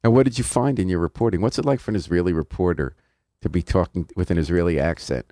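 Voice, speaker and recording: Very deep-voiced male radio host. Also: fast talker, dark tone, no echo, clean studio sound. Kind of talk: radio interview. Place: radio studio.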